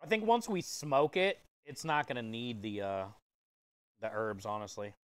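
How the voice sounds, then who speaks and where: A man with a smooth, resonant voice talks casually to his livestream chat as he preps food in a kitchen. He is easygoing and jokey, chuckling as he goes. The sound is dry and close, with no room echo. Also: mid-range voice, sing-song, moderate pace. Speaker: food truck chef and livestreamer.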